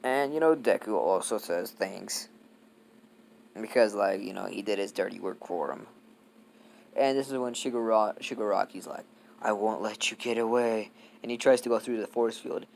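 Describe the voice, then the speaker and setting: A man's voice: on the low side, moderate pace, vocal fry, a little mellow, slight background noise. A young man casually improvising a fan-fiction story, rambling and swearing, with lots of fillers. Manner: rambling, profane, heavy on fillers. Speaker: YouTube storyteller.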